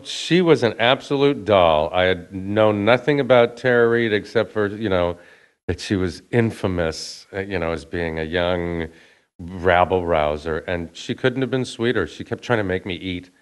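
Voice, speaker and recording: Deep-voiced actor telling a story. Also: male voice, moderate pace, smooth. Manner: chatty, acts out the voices of people he quotes; laughs often as he talks. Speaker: actor and guest. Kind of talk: casual anecdotal storytelling.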